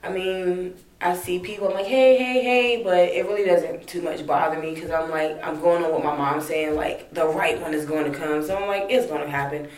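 A young woman telling family stories in a relaxed interview, laughing often and acting out what people said in a raised voice. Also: low voice, fairly quick, hardly any pauses. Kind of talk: casual storytelling. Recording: echoey room.

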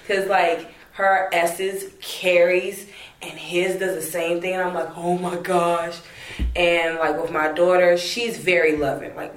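A young woman telling family stories in a relaxed interview, laughing often and acting out what people said in a raised voice. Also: fairly low pitch. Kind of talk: casual storytelling. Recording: echoey room.

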